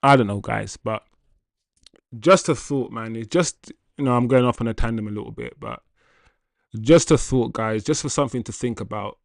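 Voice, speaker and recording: Male livestream host, casual and animated, addresses chat directly, dry sound. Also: mid-range voice, moderate pace, creaky, dry recording. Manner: animated and chatty, laughs often, addresses chat as guys. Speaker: football channel livestream host. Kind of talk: casual livestream chat reading viewer comments.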